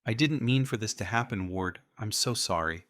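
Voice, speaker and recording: A man's voice: fairly low pitch, normal speed, a bit bright, no room sound, studio quality, lightly acted. A man voicing a tearful, broken young woman. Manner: tearful, breaking voice. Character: badly burned, remorseful young woman.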